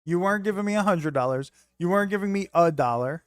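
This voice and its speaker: Upbeat, higher-voiced male streamer bantering. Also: lively intonation, fast talker, clear, resonant tone, dry recording. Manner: loose, joking banter with frequent swearing. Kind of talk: casual chat with live viewers.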